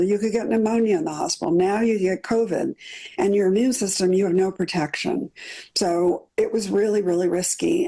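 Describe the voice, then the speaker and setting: A middle-aged woman recounts her own experience in an earnest, detailed way, often doubling words for weight. Her voice is mellow and slightly husky. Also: medium pitch, rough recording. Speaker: cancer survivor interviewee. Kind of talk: personal storytelling in an interview.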